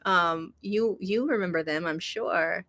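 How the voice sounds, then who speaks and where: Casting note: woman, livestream host, lowish voice, chatty and warm-hearted with viewers, drifts between hushed and excited. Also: a little slow. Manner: chatty, greets viewers by name, swings from soft to excited. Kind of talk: casual spiritual livestream talk. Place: indoors in Kenya.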